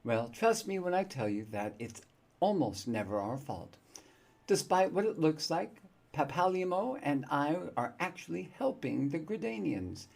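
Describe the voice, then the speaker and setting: A man's voice: fairly high pitch, sing-song, unhurried, vocal fry, darkish tone, exaggerated voice. A man reading as a chatty young woman adventurer. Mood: playful.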